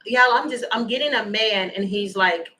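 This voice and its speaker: A woman giving a chatty, animated livestream tarot reading and thanking viewers by name. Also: mid-range voice, moderate pace, a little hiss or hum, poor audio. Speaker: tarot reader.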